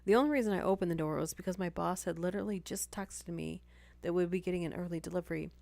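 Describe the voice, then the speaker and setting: A woman's voice: on the low side, quick pace, gravelly, darkish tone, no echo. A woman hosting a live stream, reading stories aloud and breaking off for chatty asides and apologies.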